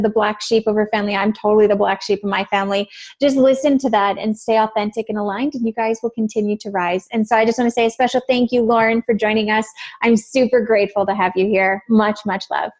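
Woman podcast host, upbeat, gushing, fairly high voice. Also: darkish tone. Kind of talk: casual podcast chat.

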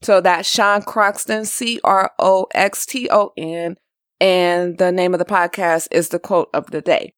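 A woman's voice: on the low side, fairly even intonation, unhurried, dry recording, clean studio sound. A woman hosting a podcast, talking in a chatty, upbeat way. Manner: chatty, upbeat, laughs easily. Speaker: podcast host. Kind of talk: casual chat.

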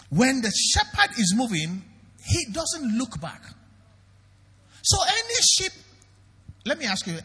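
A man's voice: high voice, sharp tone, breathy edge, in a large hall. A Nigerian man preaching a sermon as pastor, emphatic and questioning the congregation directly.

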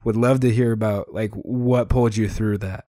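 A man hosting an interview, asking questions in a relaxed, casual way with plenty of filler words. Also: lowish voice, moderate pace, dry recording, clean studio sound.

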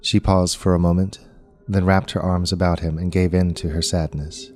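Deep-voiced man narrating a story. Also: level tone, moderate pace, darkish tone, faint music behind. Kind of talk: scripted audiobook narration.

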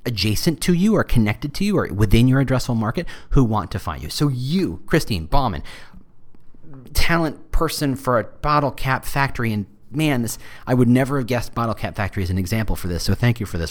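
Male podcast host, lively pitch, joking and self-deprecating, casual advice monologue.

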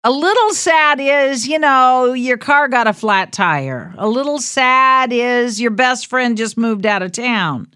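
A woman's voice: on the high side, lively intonation, slow, few pauses, smooth, dry recording. Consoling woman radio host, dry studio sound. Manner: warm, consoling, calls callers honey. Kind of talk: call-in radio chat.

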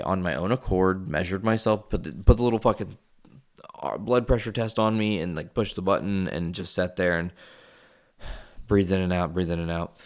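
A man in his thirties talks straight to his audience in a deep voice with a rough, creaky edge. His stories ramble and wander, full of swearing and casual asides, as if chatting with friends. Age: 30s. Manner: rambling, profane, confessional. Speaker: vlogger. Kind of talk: casual storytelling vlog.

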